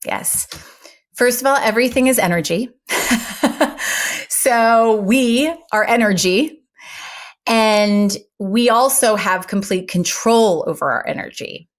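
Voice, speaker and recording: A middle-aged woman, a former news anchor turned speaking coach, talking in an interview with articulate, emphatic and animated delivery. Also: a little high, takes it slowly. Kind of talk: conversational interview.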